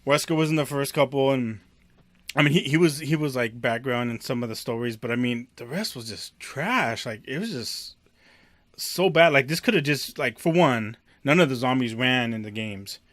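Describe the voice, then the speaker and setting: Blunt man with a bright, tense, dry voice. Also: mid-range voice, moderate pace, no room sound. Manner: blunt, crude, frequent short agreements. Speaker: podcast co-host. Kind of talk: casual chat.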